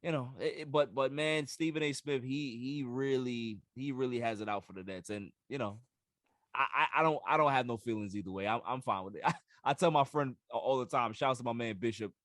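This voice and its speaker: Brief: male sports podcast host, mid-pitched, dry close sound, emphatic and animated with stacked repeats. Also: fairly quick, no echo. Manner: animated, emphatic, repeats words when excited. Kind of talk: casual sports talk.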